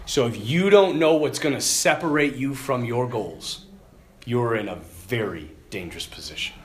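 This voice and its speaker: A man preaching a conversational Catholic sermon, telling a story and often clearing his throat. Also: medium pitch, lively intonation, moderate pace.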